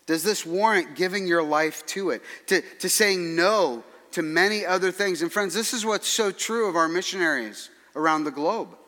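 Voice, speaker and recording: A man preaching a sermon as pastor, earnest and measured, with dry humorous asides. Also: high voice, sharp tone, in a large hall.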